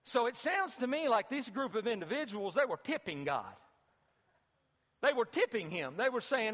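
High-voiced preacher in an echoing sanctuary. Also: male voice, big pitch swings, moderate pace, fairly bright tone. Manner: conversational preaching with repeated phrases and rising emphatic bursts. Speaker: pastor. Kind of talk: sermon. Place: church sanctuary.

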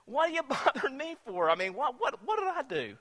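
A preacher voicing an indignant young shepherd. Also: male voice, very high voice, very animated, fairly quick, fairly bright tone, long reverb tail, voice pushed up, full character voice. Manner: exasperated, protesting.

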